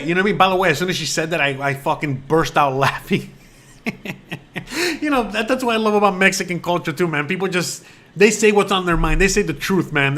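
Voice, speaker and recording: A man's voice: sits high, fairly bright tone. A man hosting a casual livestream chat, rambling and cursing freely, with constant fillers. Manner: rambling, peppered with "you know" and swearing. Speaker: host. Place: lives in Mexico.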